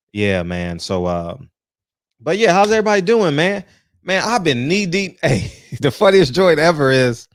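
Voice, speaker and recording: A man hosts a relaxed livestream from home, shouting out viewers one by one in an animated, easygoing way and sprinkling "man" through his sentences. His voice sits at an everyday middle pitch. The sound is close and dry with no room echo. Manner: animated, laughing, peppers lines with "man". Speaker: host. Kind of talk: casual livestream chat. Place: home, just out of the shower.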